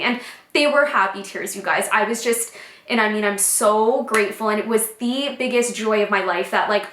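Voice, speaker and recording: A young pregnant woman vlogging a casual story, emotional and pausing often for deep breaths. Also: bright, forceful tone. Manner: emotional, breathy pauses, many fillers. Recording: echoey room.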